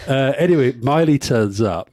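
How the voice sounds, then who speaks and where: A man's voice: medium pitch, animated, moderate pace, a little mellow, no room sound, clean studio sound. A middle-aged man co-hosting a live podcast, telling wry anecdotes and laughing as he goes. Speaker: podcast co-host. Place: live stage event.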